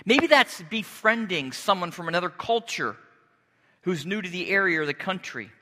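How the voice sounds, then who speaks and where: A man preaching a sermon as pastor, earnest and deliberate, pausing and restarting as he speaks. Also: high voice, lively intonation, pushed and bright, big-room sound.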